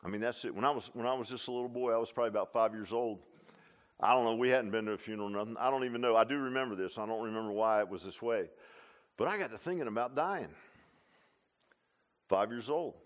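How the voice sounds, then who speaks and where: An older man preaching a sermon in a folksy, animated way, dropping from quiet asides to loud exclamations and tossing in "huh?" and "man.". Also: mid-range voice, fast talker. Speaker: pastor.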